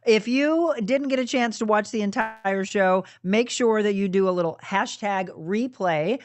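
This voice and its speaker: A woman hosting a live talk show, upbeat and chatty, reading out viewer comments and making plans. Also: mid-range voice. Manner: upbeat, fast-talking, lots of fillers.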